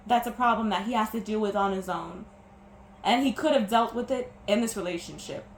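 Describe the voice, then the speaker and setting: A woman's voice: mid-range voice, fairly quick. A young woman vlogging about her breakup, emotional and teary, stumbling and restarting as she talks. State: teary, sniffling. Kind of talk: personal vlog about a breakup. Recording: echoey room with faint background noise.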